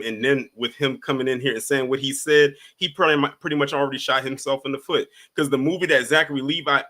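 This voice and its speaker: Bright-voiced man hosting a live stream. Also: medium pitch. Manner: laid-back, repeats himself, takes callers one by one. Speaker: livestream host. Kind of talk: casual live stream chat.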